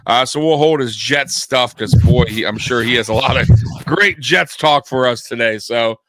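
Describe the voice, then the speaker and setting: A man hosting a casual sports talk show, excitable and quick to laugh. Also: mid-range voice, dry recording, studio quality. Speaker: podcast host.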